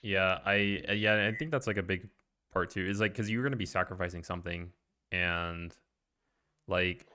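Male interviewer, very low voice, casual and halting, stumbles through questions. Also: fairly even intonation, pushed and bright, a little hiss or hum. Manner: hesitant, halting, full of fillers. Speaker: interview host.

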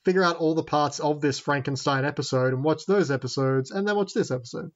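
A man with a somewhat higher voice chats as a podcast guest, making wry jokes and wandering into asides. His audio sounds dull and lo-fi next to the others. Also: quick pace. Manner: wry, jokey, trails off in asides. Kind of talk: casual chat.

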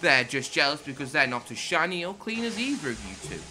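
A man plays a cheerful young engine who talks with boastful confidence and kindness in a storybook telling. His voice rises and falls with lively swings. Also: fairly high pitch, fairly quick, a little hiss or hum, voice pushed up, exaggerated voice. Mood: reassuring. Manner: reassuring, boastful. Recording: loud music under the voice.

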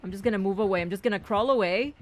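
A young woman streamer giving casual, excitable commentary on her own gameplay, chatty and repeating herself as she talks to her teammates. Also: medium pitch, rapid-fire. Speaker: gaming streamer.

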